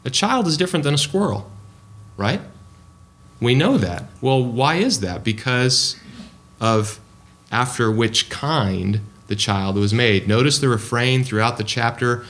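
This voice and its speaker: A man's voice: mid-range voice, animated, measured pace, a bit bright. A man preaching a sermon in a conversational way, with frequent ums and restarts.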